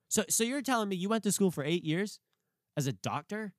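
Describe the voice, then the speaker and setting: A young man, a college student, chatting casually and ranting in an animated way that gets sharp when he is worked up. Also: high-pitched, fairly quick, no room sound, studio quality. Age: young adult. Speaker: pre-med college student. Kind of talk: casual chat.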